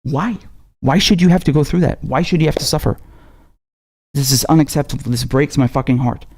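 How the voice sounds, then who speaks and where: Fairly high in pitch and a little mellow, this man's voice drives a political show rant that's heated, profane, and rapid-fire.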